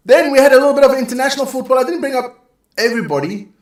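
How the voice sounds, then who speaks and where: A man's voice: extremely high pitch, rapid-fire. A man hosting a live sports show, running through results in a casual, joking way with asides to his viewers. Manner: chatty, joking, reads scores with asides to viewers.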